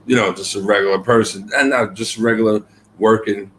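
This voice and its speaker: A man's voice: on the low side, steady tone, brisk, fairly bright tone, a little hiss or hum. A man being interviewed as a guest poet, telling his story earnestly and reflectively, with many fillers and repeated words.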